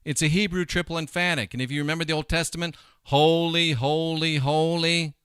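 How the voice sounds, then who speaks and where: A middle-aged man hosting a casual commentary show, talking in an animated, emphatic way and wandering off into side points. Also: a little high, racing, clean tone, dry recording, studio quality. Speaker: host.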